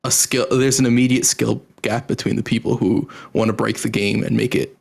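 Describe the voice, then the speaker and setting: A man's voice: mid-range voice, fairly even intonation, brisk, creaky. A man co-hosting a casual gaming podcast, explaining his views thoughtfully at length.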